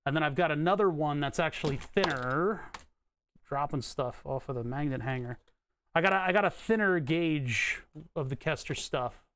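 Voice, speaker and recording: A man's voice: fairly high pitch, normal speed, a bit bright. A man live-streaming as he solders electronics, muttering to himself and answering questions from chat in a casual, rambling way.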